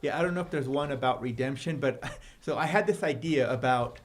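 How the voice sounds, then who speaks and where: A man's voice: medium pitch, brisk. A man, a guest author, chatting casually on a livestream and laughing often as he tells stories. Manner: laughs often, animated storytelling.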